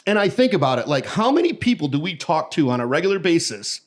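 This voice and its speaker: Brief: middle-aged midwestern man, slightly high voice, animated anecdote teller. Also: quick pace. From American Midwest. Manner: animated storyteller who acts out the voices in his anecdotes. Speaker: podcast guest. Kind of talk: casual storytelling conversation.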